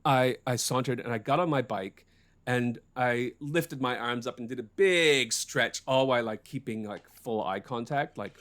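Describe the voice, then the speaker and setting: A man's voice: mid-range voice, normal speed, fairly bright tone. A man hosting a podcast, telling a story in casual chat, swearing freely and laughing often. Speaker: podcast host.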